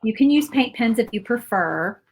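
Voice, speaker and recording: A woman hosting a casual painting tutorial. She is chatty and rambles, thinking out loud with fillers and little asides. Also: on the high side, expressive, normal speed, a little hiss or hum, rough recording. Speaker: craft channel host.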